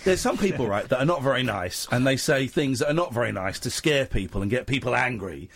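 A man's voice: medium pitch, brisk. A man hosting a late-night talk radio show, chatting with guests in a playful, teasing way and telling stories with lots of energy. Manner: playful, teasing, animated storytelling. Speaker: radio host.

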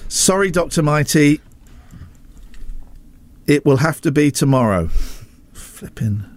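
Animated male radio host. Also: on the high side, slow. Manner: rambling, jokey, animated storytelling. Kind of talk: casual chat.

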